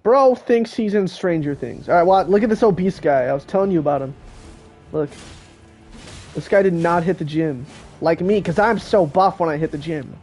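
A man's voice: on the high side, normal speed, a little mellow, faint music behind. A teenage boy streaming a video game, joking and chatting casually with friends on a call. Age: teens. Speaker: gaming streamer. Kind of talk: casual live-stream commentary.

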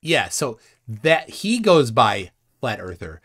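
A man's voice: medium pitch, big pitch swings, slow pace, a bit bright, breathy edge. A man hosting a live stream, mocking and sarcastic as he reacts to the chat. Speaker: host.

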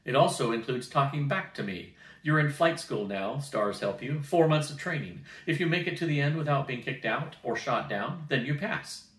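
A man doing a gruff, barking flight captain. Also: mid-range voice, lively intonation, normal speed, a bit bright, pitched above the performer's own voice, lightly acted. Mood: stern. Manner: curt, barking commands. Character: gruff older male flight instructor, stern captain. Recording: roomy, distant mic.

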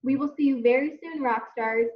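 Kindergarten teacher, woman, high bright voice, slow patient delivery, dull distant recording. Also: echoey room. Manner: slow, encouraging, sounds words out to kids. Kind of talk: phonics lesson for young children. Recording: distant mic, dull lo-fi sound.

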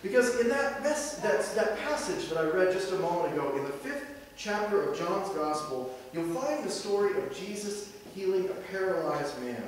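A man in his thirties preaching a sermon as pastor, conversational and animated, posing rhetorical questions to the congregation. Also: high voice, normal speed, few pauses, recorded from a distance, a little hiss or hum. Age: 30s. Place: church sanctuary. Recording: very echoey hall, heard from afar.

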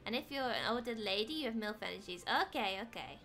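Bubbly high-voiced British woman streamer. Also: lively intonation, fast talker, a bit bright. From Britain. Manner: playful, chatty, exclamatory while gaming. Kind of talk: casual gaming stream chat. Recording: faint background music.

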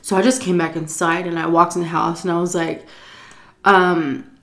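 A woman's voice: on the low side, little pitch movement, normal speed. A woman vlogger telling a story while eating, tipsy from shots, rambling, swearing freely and laughing often. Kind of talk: casual storytime chat.

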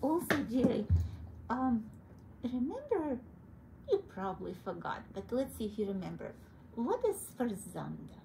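A woman's voice: on the high side, sing-song, a little slow, creaky, poor audio. A woman with a Russian accent teaching a piano lesson, patient and coaxing, calling her student sweetie. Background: piano playing.

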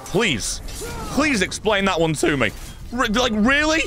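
A man's voice: high-pitched, big pitch swings, unhurried, bright, forceful tone, soft background music. A man giving sarcastic, mocking live commentary as a streamer playing a video game.

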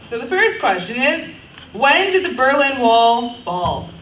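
A woman's voice: high-pitched, very animated, unhurried. A young woman hosting a fan cosplay panel at a convention, upbeat and playfully bossy, laughing often. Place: large echoey convention hall. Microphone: handheld mic, heard from a distance. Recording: echoey hall from far off, loud noise.

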